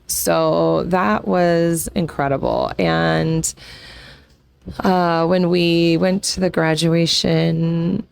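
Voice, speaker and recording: A woman's voice: lowish voice, little pitch movement, extremely slow, creaky, clear, resonant tone, no room sound. A woman in her forties hosting a podcast, telling a personal story in a casual, rambling way, emotional and close to tears. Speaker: podcast host.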